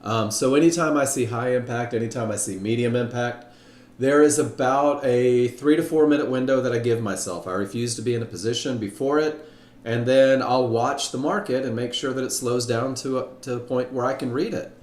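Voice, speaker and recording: Male instructor, upbeat and chatty, mid-pitched, on a live class in a roomy space. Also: fairly quick, darkish tone. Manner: upbeat, chatty, greets viewers by name. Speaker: trading instructor. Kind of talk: live webinar teaching. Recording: roomy echo.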